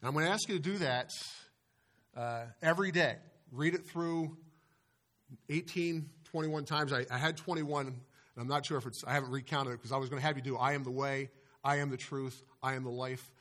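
A man's voice: medium pitch, fairly even intonation, a bit bright. A man preaching a sermon to his church, over a microphone, stressing single words hard and then dropping his voice, with frequent restarts. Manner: preaching with emphatic stresses and pauses, many restarts. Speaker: pastor. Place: church sanctuary. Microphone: microphone over a speaker system.

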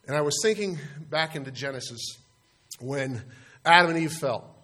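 A man's voice: on the high side, moderate pace, fairly bright tone. A man giving an informal devotional talk to a group, speaking conversationally and posing rhetorical questions. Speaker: youth speaker.

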